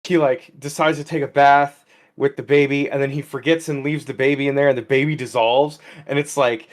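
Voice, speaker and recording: A man with a mid-range voice speaks at a normal speed with fairly even intonation. He's co-hosting a loose comedy podcast, rambling through a story in casual comedic chat and slipping into the characters' voices when he quotes them.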